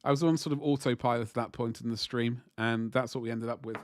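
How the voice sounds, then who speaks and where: While painting miniatures at his desk, a man on a casual livestream rambles and talks with viewers. His mid-range voice is fairly even and he talks fast, with a little hiss or hum in the audio.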